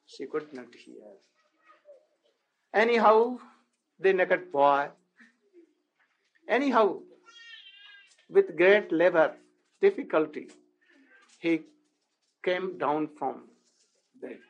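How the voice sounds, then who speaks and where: A man with a high voice tells a devotional story slowly, one unhurried phrase at a time. His English is halting and non-native, and he keeps turning to his listeners with rhetorical questions. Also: expressive, dull audio. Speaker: spiritual lecturer.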